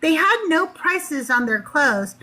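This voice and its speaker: A woman's voice: high voice, expressive, takes it slowly, sharp tone, low-quality recording. A middle-aged woman hosting a show, casually telling a story, laughing often and acting out the voices of people she quotes. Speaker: host.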